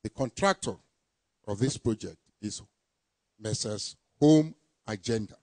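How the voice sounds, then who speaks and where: A man giving a formal ceremony speech, deliberately reading out names and titles. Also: lowish voice, mellow, no echo. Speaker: permanent secretary presenting a project team.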